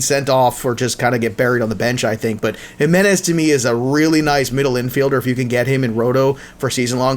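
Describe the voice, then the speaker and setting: A man hosting a podcast, chatting casually and joking with lots of fillers. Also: mid-range voice. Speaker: podcast host. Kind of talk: casual sports chat.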